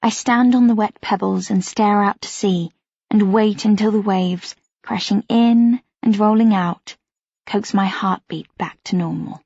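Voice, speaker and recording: A woman's voice: medium pitch, unhurried, creaky, darkish tone, husky, no echo, lo-fi sound. Brief: woman narrator reading a first-person novel expressively, dry close sound. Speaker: audiobook narrator.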